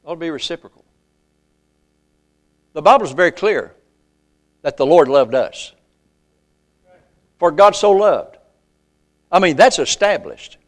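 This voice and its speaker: Folksy older preacher with a drawl. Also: male voice, on the high side, sing-song. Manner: folksy, calls out to the congregation, slows down to recite scripture. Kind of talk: sermon. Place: church.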